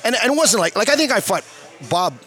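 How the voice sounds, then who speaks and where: A middle-aged man, a former hockey player, telling stories as a guest in a casual, animated, profane way, often checking in with "okay?". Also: high voice, brisk, soft background music. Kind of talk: casual storytelling. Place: bar.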